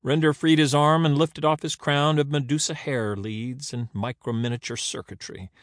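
A man narrating an audiobook in an expressive, dramatic reading. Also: a little high, moderate pace, no echo, studio quality.

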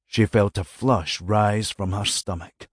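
A man narrating a dramatic novel as an audiobook, measured and expressive. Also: fairly low pitch, dry recording, studio quality.

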